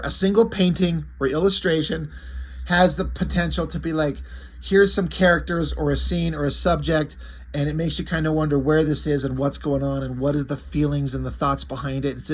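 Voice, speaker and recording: A man with a slightly husky, somewhat high voice talks through a comic book review in a loose, rambling way. He restarts sentences and leans on fillers as he gathers his thoughts. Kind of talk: casual video review.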